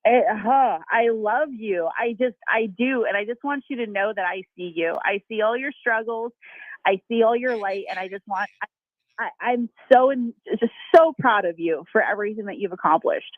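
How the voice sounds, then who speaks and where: A woman's voice: on the high side, normal speed, no room sound. A woman giving a spiritual reading on a radio show, gushing, emotional and rambling. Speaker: spiritual reader on a call-in segment. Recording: tinny phone line, dry.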